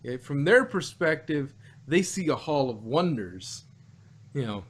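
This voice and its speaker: Slow, rambling male podcast co-host. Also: a little high, sing-song, slightly rough. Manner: rambling, halting, many restarts. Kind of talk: casual review chat.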